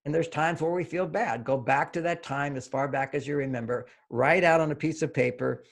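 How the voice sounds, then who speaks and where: A man's voice: on the high side, a little fast, gravelly. A man who is a relationship author, a guest on an interview podcast, explaining ideas and acting out the inner voices of children and parents.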